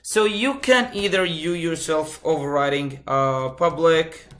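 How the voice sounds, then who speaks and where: A man's voice: fairly high pitch, measured pace, fairly bright tone. A man instructor giving a live coding lecture, repeating key phrases and asking the class questions. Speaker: computer science instructor.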